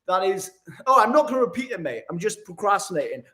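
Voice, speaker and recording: A man's voice: high voice, big pitch swings, fast, bright, forceful tone. A young man live-streaming a casual vlog from a hotel room, chatting with viewers, laughing often and calling everyone mate.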